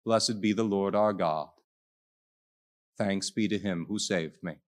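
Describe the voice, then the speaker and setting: A male Catholic priest giving a sermon, telling a story dramatically and swinging between hushed lines and loud ones. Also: deep voice, slow.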